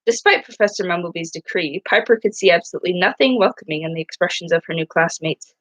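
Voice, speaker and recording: A woman's voice: on the low side, fast, fairly bright tone, dry recording, poor audio. A woman reading a novel aloud in a casual way, often stumbling and restarting her words. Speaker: reader.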